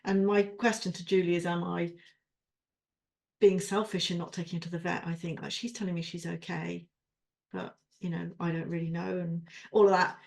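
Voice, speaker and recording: A woman's voice: lowish voice, flat delivery, normal speed, creaky. A frustrated woman venting and swearing. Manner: rambling, with self-interruptions. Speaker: podcast co-host. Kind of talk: venting during a coaching session.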